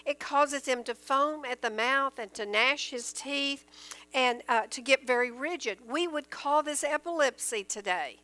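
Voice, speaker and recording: A woman's voice: high voice, a little slow, bright, forceful tone, rough recording. A woman teaching from the Bible, reading verses aloud and explaining them in earnest, plain everyday terms.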